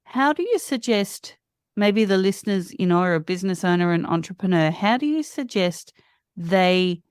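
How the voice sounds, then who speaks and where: A woman's voice: mid-range voice, expressive, normal speed, a little mellow, clean tone, no echo, clean studio sound. A woman hosting a podcast, asking her guest thoughtful questions with some hesitation. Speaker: podcast host. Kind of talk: interview questions.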